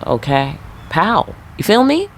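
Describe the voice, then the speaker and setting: A woman's voice: on the low side, very animated, takes it slowly, a little hiss or hum. A woman with a New York accent reading tarot and talking casually to viewers, laid back, blunt and profane. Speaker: tarot reader. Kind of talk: casual spiritual talk to viewers.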